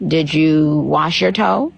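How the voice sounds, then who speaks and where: A woman's voice: sits low, takes it slowly, vocal fry, breathy edge, dull audio, soft background music. A woman interviewing someone with blunt, incredulous questions. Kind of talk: probing interview.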